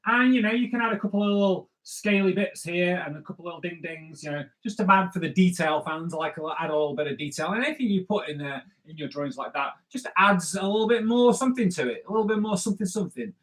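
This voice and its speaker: Male comics artist, slightly high voice, loose jokey drawing tutor. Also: lively intonation, quick pace, few pauses. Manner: chatty, rambling, with jokey asides. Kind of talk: live drawing lesson.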